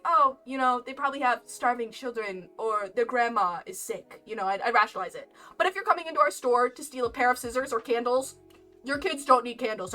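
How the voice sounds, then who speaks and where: A young woman with a high, bright voice chatting casually as a streamer. She rambles through a story with lively, swooping pitch and laughs often. Soft lo-fi music plays behind her.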